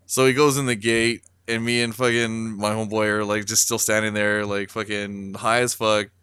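A man's voice: lowish voice, level tone, normal speed, fairly bright tone, smooth, no room sound. A man from California telling a rambling, profane story in casual chat, full of fillers. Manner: rambling, many fillers and swearing, laughs through the telling.

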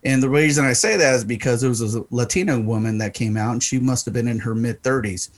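A man's voice: medium pitch, fast talker. A man telling crude, rambling, joking stories in a casual podcast chat. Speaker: storyteller.

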